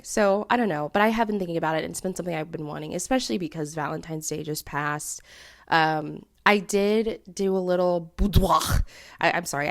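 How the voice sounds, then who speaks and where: A young woman in her twenties talks through a casual solo podcast with a gravelly, slightly low voice. She rambles with lots of fillers and laughs, and now and then leaps up into high, playful asides. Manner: chatty, filler-heavy, laughs often, jumps into high playful bits. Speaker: podcast host.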